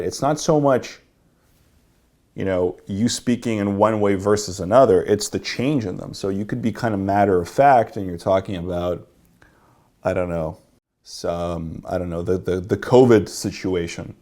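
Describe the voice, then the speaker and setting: A man's voice: low-pitched, normal speed, mellow. A man teaching a workshop as a dating coach, explaining and demonstrating how to deliver lines.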